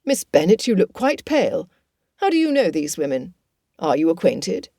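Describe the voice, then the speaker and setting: A woman voicing a courteous gentleman officer in an audiobook, speaking politely and formally in a lowered voice. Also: sing-song, normal speed, no echo, clean studio sound. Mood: concerned. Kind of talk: audiobook character voice.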